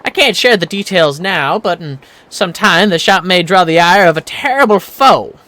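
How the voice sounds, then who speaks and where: A man's voice: high-pitched, lively intonation, moderate pace, bright, forceful tone. A man voicing a formal, solemn old male weapons master in a game.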